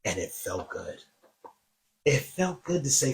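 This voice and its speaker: A man hosting a casual comedic podcast, telling a story with loud rants and low mutters. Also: sing-song, unhurried, gravelly, echoey room. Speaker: podcast host.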